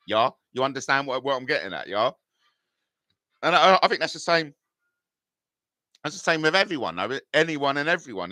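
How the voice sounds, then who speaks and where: A man's voice: mid-range voice, sharp tone, no room sound, studio quality. A middle-aged man, live-streaming and reading out chat comments in a combative, rambling way full of swearing.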